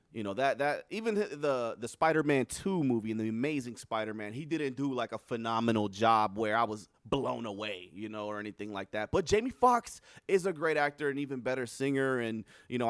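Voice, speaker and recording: A young man talking casually on his livestream, rambling and animated, swearing freely as he reacts to the news. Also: mid-range voice, no echo, clean studio sound. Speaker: streamer. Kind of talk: casual chat.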